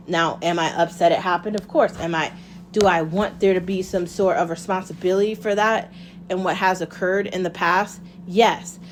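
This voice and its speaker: A woman's voice: medium pitch, slight background noise. A woman talking straight to camera in a casual monologue, impassioned and blunt, swearing freely and asking herself rhetorical questions. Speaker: vlogger.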